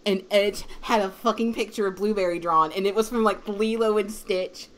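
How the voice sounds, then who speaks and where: A woman in education co-hosting a casual livestream, chatty and swearing freely, her voice strained from yelling. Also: mid-range voice, normal speed, a little hiss or hum. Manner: chatty storyteller, swears freely, acts out quotes.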